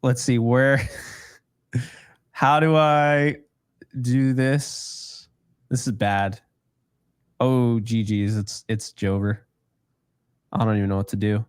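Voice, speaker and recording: A man's voice: fairly low pitch, flat delivery, measured pace, pauses often, darkish tone, clear, resonant tone, no room sound, studio quality. Joking, rambling male podcast co-host. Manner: joking, rambling, laughs often. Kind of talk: casual chat.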